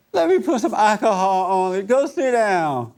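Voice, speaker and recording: A doting mother coos over her hurt child in a raised, sing-song voice, as a man puts her on. She draws out every word slowly and gently, fussing and soothing. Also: high voice, very animated, pitched above the performer's own voice, full character voice. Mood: coddling. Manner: soft, slow, coddling.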